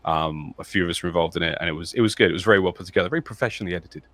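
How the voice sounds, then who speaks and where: A man, an esports caster, chatting in an excitable, rambling way with lots of fillers. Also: deep voice, very fast, no room sound. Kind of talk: casual chat.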